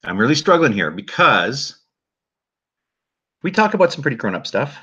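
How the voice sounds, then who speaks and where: A man giving casual spoken commentary to his audience in a halting, dry and joking way, with many restarts and fillers. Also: medium pitch, sing-song, sharp tone, husky, lo-fi sound. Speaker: video commentator.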